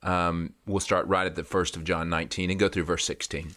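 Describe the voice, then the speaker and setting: A man leading a daily devotional as pastor, reading scripture and reflecting in a relaxed way, with frequent pauses and fillers. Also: low-pitched, dry recording, clean studio sound.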